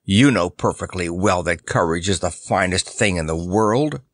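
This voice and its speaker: A man voicing a timid, gruff male lion who speaks in a mournful, rumbling way. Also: normal speed, no echo, studio quality. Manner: mournful, yearning.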